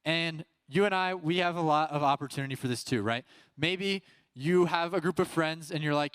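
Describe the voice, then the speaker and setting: A man's voice: on the high side, normal speed, fairly bright tone, clear, resonant tone, no echo. A young man, a youth pastor, preaching a casual youth sermon and telling the story loosely, acting out the voices of the people in it. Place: youth service room.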